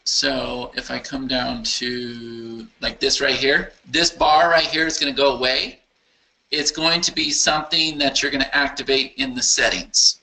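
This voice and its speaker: A man hosting a casual live Q&A for his software users, answering questions enthusiastically and thinking aloud as he clicks through a screen demo. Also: medium pitch, steady tone, measured pace, creaky, low-quality recording. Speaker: software company founder answering user questions.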